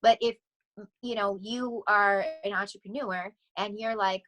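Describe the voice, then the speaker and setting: Middle-aged woman chatting on a podcast, rambly and lively, laughs a lot. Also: medium pitch, unhurried, low-quality recording. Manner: rambling, animated, laughs often. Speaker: podcast guest, vocal coach. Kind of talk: casual interview chat.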